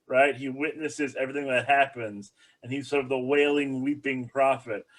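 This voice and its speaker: A male rabbi leads a bible study with an easy, joking manner. His voice sits at a mid pitch, and he explains things casually. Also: steady tone, normal speed, a bit bright. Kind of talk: teaching a bible study class.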